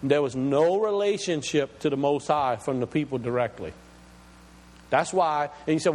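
Emphatic preacher in a reverberant hall. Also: male voice, fairly high pitch, moderate pace, darkish tone. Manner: emphatic, questioning, explains scripture word by word. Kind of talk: teaching sermon.

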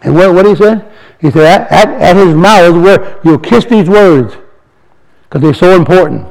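A man giving an informal, earnest sermon to a congregation as a lay speaker, reading scripture slowly and putting questions to the listeners. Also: sits high, vocal fry, darkish tone, poor audio. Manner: earnest and exhorting, reads verses slowly, asks the audience questions.

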